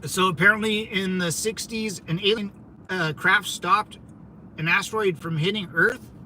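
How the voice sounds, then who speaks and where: High-voiced man rambling from his car. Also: steady tone, moderate pace, sharp tone, a little hiss or hum, low-quality recording. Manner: rambling, loose, greets chat viewers by name. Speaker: vlogger streaming while driving. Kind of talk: casual rambling livestream chat.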